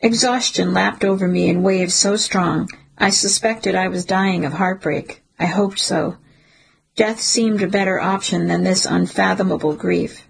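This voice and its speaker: Gravelly-voiced woman narrating an audiobook. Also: fairly low pitch, fairly even intonation, low-quality recording. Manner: measured, emotional storytelling. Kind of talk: first-person audiobook narration.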